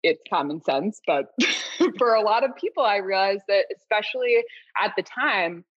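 A woman's voice: mid-range voice, animated, moderate pace, no room sound. A woman guest telling stories in casual interview chat, in a chatty, self-deprecating way. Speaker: guest, food writer. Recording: dull, dry lo-fi sound.

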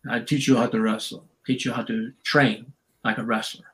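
A man voicing a stern older German wrestling trainer who talks in clipped, gruff phrases. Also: medium pitch, little pitch movement, moderate pace, a bit bright, lightly acted. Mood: instructive.

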